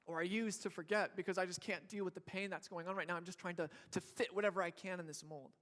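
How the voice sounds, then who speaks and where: A man's voice: sits high, steady tone, fast talker, a bit bright. A young man preaching a sermon in a church, casual and joking, acting out what people and babies say. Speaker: pastor.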